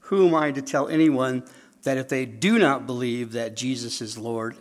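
A man's voice: medium pitch, normal speed. A man preaching a sermon, who tells stories, acts out dialogue and keeps asking his listeners questions. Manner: animated storytelling, acts out dialogue, asks the audience questions.

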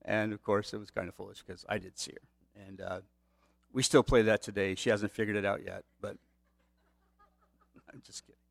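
A man's voice: lowish voice, level tone, a little fast, gravelly, no echo. Conversational male pastor, dry sound. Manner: conversational, storytelling with asides to the audience. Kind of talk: sermon.

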